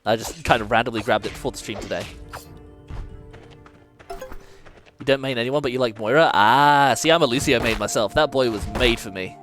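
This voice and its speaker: A man's voice: mid-range voice, a little fast, long pauses, fairly bright tone, faint music behind. A man streamer giving casual gameplay commentary, playful and swearing freely as he muses aloud.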